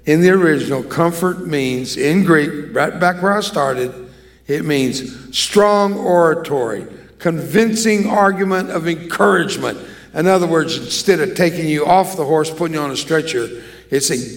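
A man's voice: fairly high pitch, normal speed, a faint crowd. Older male evangelist preaching emphatically. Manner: emphatic call-and-response preaching. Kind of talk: sermon.

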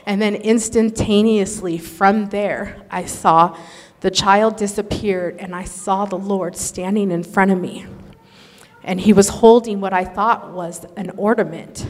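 A woman telling an emotional religious testimony in an earnest, animated storytelling manner. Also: mid-range voice, measured pace. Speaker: speaker sharing a testimony. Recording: echoey hall.

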